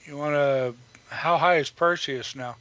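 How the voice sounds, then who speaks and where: A man's voice: on the high side, measured pace, a bit bright. Man on a dull call line. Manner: short questions and agreeing replies. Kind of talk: casual live chat.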